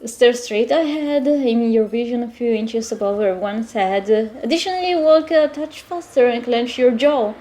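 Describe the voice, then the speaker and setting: A woman reading an interactive story game aloud, breaking off into animated, laughing reactions. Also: fairly high pitch, moderate pace, few pauses.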